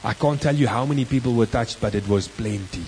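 South African preacher, mid-pitched, conversational storyteller who stretches key words for weight. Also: male voice, brisk, a little mellow, slight background noise, rough recording. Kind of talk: sermon with personal storytelling.

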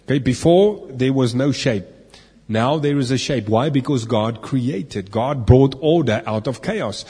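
Guy teaching bible stuff, kinda husky, asks the room questions, long echo in a big hall. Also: mid-range voice, measured pace, warm tone. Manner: questions to listeners, playful asides. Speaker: preacher. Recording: echoey hall.

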